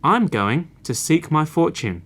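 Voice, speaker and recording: A man's voice: on the high side, very animated, unhurried. A man voicing young Jack, a cheerful, bold boy, in a children's fairy tale reading, speaking in a plain, friendly way. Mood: determined.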